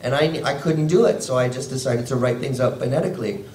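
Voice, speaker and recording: A man, a voice actor speaking on a convention panel, telling stories in an animated, rambling way. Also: medium pitch, quick pace, recorded from a distance. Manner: animated, rambling storyteller who laughs often. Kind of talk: casual convention panel talk. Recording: echoey hall, faint ambient noise.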